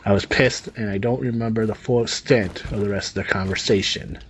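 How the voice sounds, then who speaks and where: A man's voice: on the low side, steady tone, brisk, a little hiss or hum. A man reading a story aloud and adding sarcastic, rambling comic asides over gameplay. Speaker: story reader and commentator.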